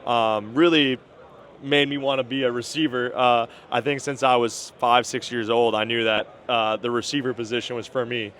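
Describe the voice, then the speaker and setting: A man's voice: mid-range voice, level tone, moderate pace, a bit bright, slight background noise. A man in his thirties from Minnesota, with a Minnesota accent, answering interview questions in an easygoing, modest way with lots of ums. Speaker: NFL wide receiver, guest.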